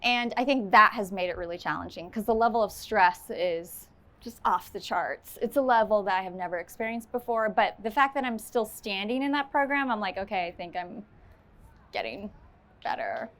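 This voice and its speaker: A woman's voice: mid-range voice, lively intonation, moderate pace, a bit bright. A woman speaking on stage to a live audience, telling a personal story with candid, self-deprecating humor and then answering questions.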